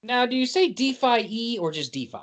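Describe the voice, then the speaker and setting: A man's voice: very high voice, very animated, brisk, a bit bright. A man hosting a podcast in casual comedic chat, telling silly jokey stories. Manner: goofy, jokey storytelling. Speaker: podcast host.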